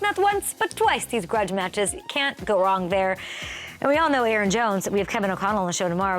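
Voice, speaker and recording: A woman hosting a sports talk show, delivering an excitable, energetic monologue that swings widely in pitch.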